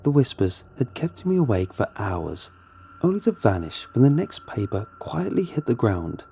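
A man's voice: medium pitch, very animated, moderate pace, gravelly, warm tone, slight background noise. A man narrating a first-person horror story in a tense, dramatic manner.

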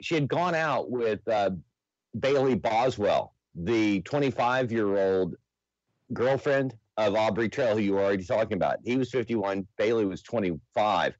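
A man's voice: fairly low pitch, lively intonation, moderate pace, a little mellow, no echo. A man briefs a news show as its investigative reporter, hesitating often with fillers. He sounds dry and a bit muffled, as if heard through a lo-fi feed.

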